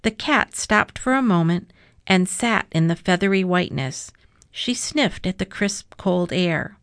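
Woman gently reading a children's story. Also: fairly low pitch, animated, a little slow, dry recording, studio quality. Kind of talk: reading a children's picture book aloud.

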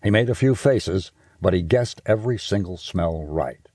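A man narrating a children's audiobook in a playful, expressive way. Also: low voice, normal speed, slightly rough, no room sound, clean studio sound.

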